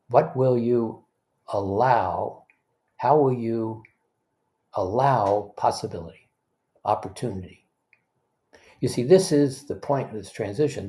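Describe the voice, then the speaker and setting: A man as a spiritual teacher, leading a guided meditation talk in a gentle, unhurried way, pausing for breaths and restarting phrases conversationally. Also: medium pitch. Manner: gentle, unhurried, leads listeners through breaths.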